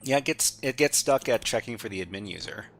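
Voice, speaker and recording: A man's voice: medium pitch, lively intonation, brisk, gravelly, fairly bright tone. A man hosting a live stream, chatting casually as he works through a hacking exercise, often restarting his phrases. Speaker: stream host.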